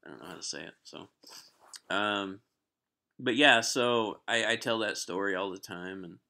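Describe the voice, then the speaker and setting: A man's voice: fairly low pitch, normal speed, pushed and bright. A man telling a rambling personal story on a live stream, with many restarts. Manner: rambling, lots of fillers and restarts, clears his throat. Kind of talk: casual storytelling.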